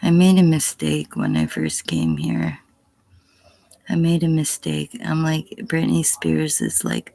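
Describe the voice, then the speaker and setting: A woman's voice: low voice, big pitch swings, slow, mellow, no echo. A middle-aged woman on a casual livestream answering chat, blunt and profane, sometimes dropping to a whisper. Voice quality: gravelly, husky.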